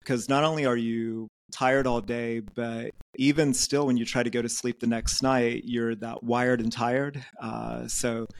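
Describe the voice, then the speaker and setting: Male interview guest, mid pitch, measured storyteller, dry close recording. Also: level tone, creaky, no room sound. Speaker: podcast guest, yoga teacher. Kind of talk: casual interview talk. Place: Netherlands.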